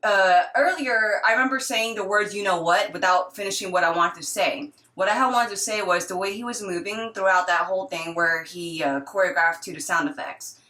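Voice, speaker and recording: A woman in her thirties, a retired dancer, reviewing a dance video in a casual, excitable way with gasps and rambling asides. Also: medium pitch, a little fast, hardly any pauses, reverberant. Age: 30s. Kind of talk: casual reaction commentary.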